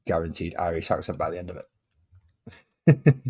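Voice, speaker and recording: A man's voice: sits low, level tone, fast talker, darkish tone, husky. A young man with a Manchester accent chatting casually while painting miniatures, rambling, repeating phrases and singing little tunes to himself. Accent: Manchester English. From England.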